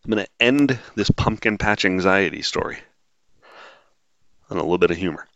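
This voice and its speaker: A man's voice: deep voice, lively intonation, moderate pace, gravelly, a bit bright, no echo. A man hosting a podcast, talking on his own in a rambling, wry and sarcastic way, full of ums and uhs. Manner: rambling, wry and sarcastic, frequent filler words. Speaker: podcast host. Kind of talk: casual solo monologue. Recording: dull, dry lo-fi sound.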